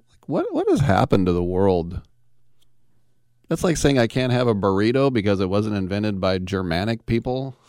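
A man's voice: mid-range voice, gravelly, clean tone, dry recording, studio quality. A man hosting a sports talk radio show, chatting casually in a rambling, jokey way. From Bay Area. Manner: rambling, jokey, self-mocking.

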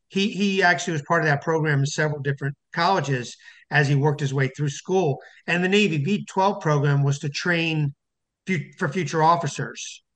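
A man in a radio interview tells stories from his book. His voice sits a little high. He rambles, with restarts and fillers along the way. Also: fairly bright tone. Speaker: author guest. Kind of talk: phone-in interview storytelling.

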